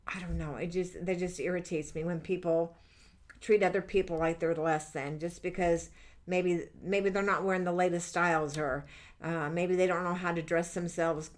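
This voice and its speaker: A middle-aged angel reader leads a live stream, her fairly low voice steady and a little slow. She talks candidly and wanders from point to point, using plenty of fillers while reading out comments from viewers.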